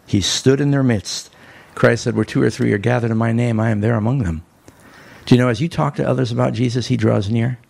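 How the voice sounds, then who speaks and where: A male preacher delivers a sermon, retelling scripture as living drama. His voice is gravelly and a little husky, climbing high in excited passages and dropping low for quiet lines. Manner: animated storytelling, rising in pitch when excited.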